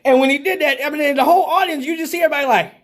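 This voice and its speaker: A man hosting a live show, telling a profane story in a casual, animated way and laughing often. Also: extremely high pitch, rapid-fire. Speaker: host of a live call-in show.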